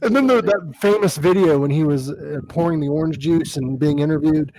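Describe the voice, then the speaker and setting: Profane, animated podcast host man. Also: a little high, brisk, slight background noise, low-quality recording. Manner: animated, profane, laughs often. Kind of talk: casual chat, storytelling.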